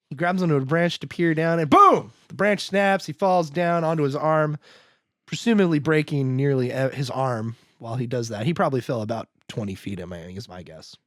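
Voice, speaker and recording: A podcast co-host with a fairly high voice casually recaps a film, acting out characters' lines in quick voices with plenty of animation. He laughs often and trails off before restarting, recorded with studio quality and no room sound.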